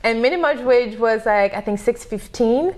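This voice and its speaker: A woman with a French accent, French her first language, chatting as a guest in a casual interview, animated and playful, repeating herself for emphasis. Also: fairly high pitch, moderate pace. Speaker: podcast guest, coach.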